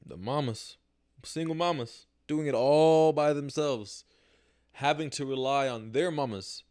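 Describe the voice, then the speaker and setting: Candid, profane young man talking to camera. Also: mid-range voice. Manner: candid, profane, slangy, acts out his own reactions. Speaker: podcast host. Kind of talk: casual solo livestream monologue. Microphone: camera mic, talking to camera.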